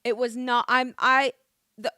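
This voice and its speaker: A woman's voice: a little high, flat delivery, measured pace, sharp tone, no echo, studio quality. A young woman vlogging her opinions in a casual, emphatic chat, full of restarts and swearing.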